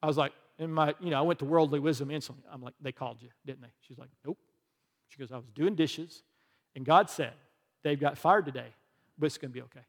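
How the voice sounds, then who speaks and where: A man's voice: on the high side, quick pace, long reverb tail. A middle-aged male pastor preaching a conversational sermon, telling a personal story and leading a closing prayer.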